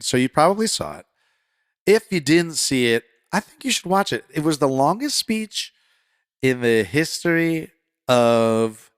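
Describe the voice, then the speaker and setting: A man hosting a political commentary podcast, talking conversationally and getting fired up, then settling into calm reassurance. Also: medium pitch, no echo, clean studio sound. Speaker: podcast host.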